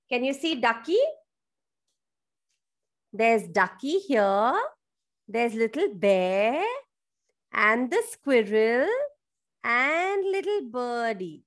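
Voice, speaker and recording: A woman telling a story to young children over a video call, in an animated, sing-song way. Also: a little high.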